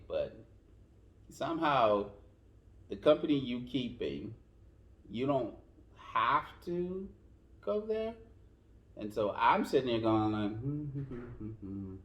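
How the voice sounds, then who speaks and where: A man co-hosting a casual podcast about dating, telling stories in an animated way and acting out both sides of the talk. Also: lowish voice, reverberant. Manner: animated storyteller who mimics both sides. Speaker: podcast co-host.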